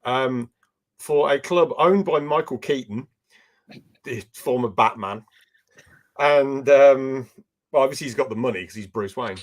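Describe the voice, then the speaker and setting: A man's voice: medium pitch, measured pace, long pauses. A man co-hosting a sports podcast, talking casually and with strong opinions, laughing easily. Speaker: podcast co-host.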